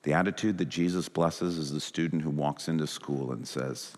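A man's voice: moderate pace, hardly any pauses. Man preaching in a reverberant church. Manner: animated preaching, acting out quoted inner thoughts in shifting pitch. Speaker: pastor. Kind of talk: sermon. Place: church sanctuary.

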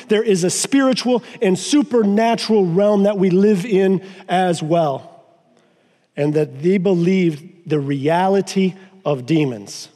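A man preaching a sermon as pastor, emphatic and slowing down to stress key phrases. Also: high-pitched, mellow, in a large hall. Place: church sanctuary.

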